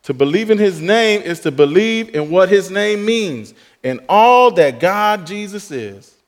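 A pastor delivers a sermon in a fairly high-pitched male voice, pressing hard on key words and then falling to near-hushed asides. His voice rings out with the long reverb of a large hall. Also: animated, a little slow. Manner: emphatic preaching, dropping to soft asides.

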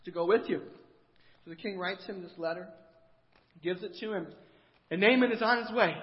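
A male preacher animatedly retelling a story in a sermon, asking the listeners questions, in a dull, reverberant hall recording. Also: high-pitched.

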